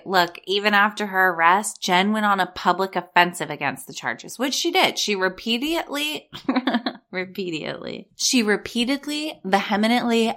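A woman's voice: mid-range voice, pushed and bright. A woman giving casual, blunt commentary while reading court documents aloud, sarcastic and swearing freely.

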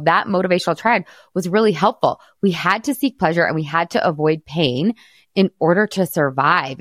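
An upbeat woman coach in her thirties talks a client through her habits with easy laughs and patient explanations. Her voice sits low for a woman. The sound is dry and close, with no room around it. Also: no room sound. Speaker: weight-loss coach and podcast host. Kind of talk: coaching conversation.

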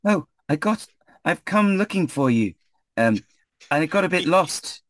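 High, flustered young noble in a tabletop game, as a man puts him on, breathless and easily offended, dry close sound. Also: very animated, measured pace, a bit bright, no echo. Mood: pleading. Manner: high-pitched, breathless, indignant. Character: frantic young nobleman, stranded, pleading.

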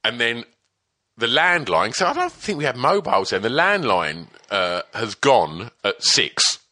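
A man with a bright, lively voice tells a rambling anecdote from his band days. He swears freely and laughs through the telling, and his pitch swings widely as he gets worked up. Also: measured pace. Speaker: storyteller guest, former band member. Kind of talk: casual anecdote.

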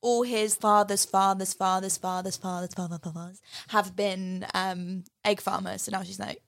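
A woman's voice: medium pitch, fairly even intonation, normal speed, creaky. A woman co-hosting a podcast, chatting casually about a film, giggling often and quoting its lines. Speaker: podcast co-host. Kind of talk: casual film review chat.

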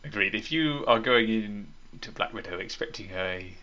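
Bright, low-voiced man hosting a film chat. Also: moderate pace, lo-fi sound, slight background noise. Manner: wry, opinionated, leads the talk. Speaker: podcast host. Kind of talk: casual movie review chat.

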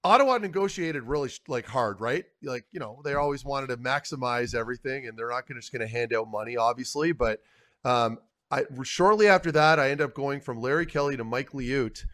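A man's voice: medium pitch, fairly quick. Male co-host, former player, loose chatty delivery that drifts and fades at the ends of thoughts. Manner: rambling, self-correcting, trailing off quietly. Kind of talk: casual chat, storytelling.

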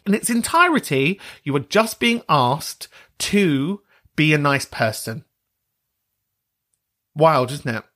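A British man hosting a podcast, talking in a sweary, animated rant with laughter between points. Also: fairly high pitch, slow, long pauses. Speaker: podcast host. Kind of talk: casual monologue.

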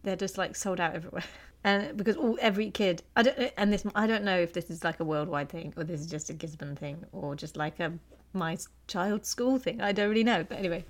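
A woman's voice: on the low side, a little fast. A woman, co-hosting a podcast in casual chat, telling a long story with frequent laughter. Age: 40s. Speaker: podcast co-host.

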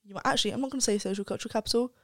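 A woman's voice: fairly high pitch, very fast, fairly bright tone, no room sound. A young woman, a student guest on a podcast, talking candidly and reflectively in casual chat and swearing freely. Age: young adult.

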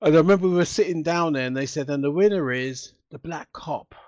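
A man as a guest in a casual interview, telling stories in an animated, emotional way and acting out what people said. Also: a little high, fairly quick, dry recording, dull audio. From United Kingdom. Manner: animated, emotional storytelling with acted-out quotes.

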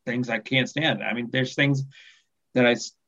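A man in his forties, a podcast guest, speaking softly in casual chat and trailing off at the ends of phrases. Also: medium pitch, steady tone, normal speed, dull audio. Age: 40s.

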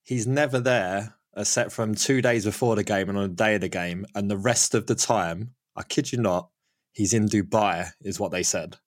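A man's voice: on the low side, moderate pace. A man hosting a casual football podcast, chatty and laughing often. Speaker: podcast host.

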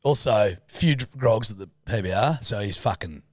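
In clean, room-free studio sound, a thirty-something Australian co-host spins a rowdy, profanity-laced story at normal speed, voicing the people in it. His voice is lowish and animated.

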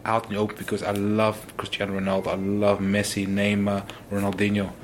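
A man, a former footballer, telling stories in an interview, animated and full of exclamations. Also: on the low side, fairly quick, slight background noise. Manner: animated, exclaims often, restarts sentences. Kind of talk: casual interview storytelling.

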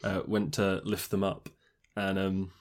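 A man hosting a podcast, chatting in a relaxed, wry way. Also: deep voice, measured pace. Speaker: podcast host. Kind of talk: casual chat.

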